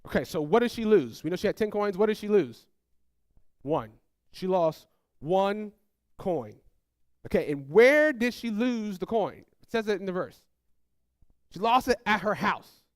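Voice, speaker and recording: High-voiced animated preacher man. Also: measured pace, long pauses, no echo, studio quality. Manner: animated, acts out family quotes in raised voices; addresses congregation, asks them to call out. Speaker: pastor. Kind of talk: sermon storytelling.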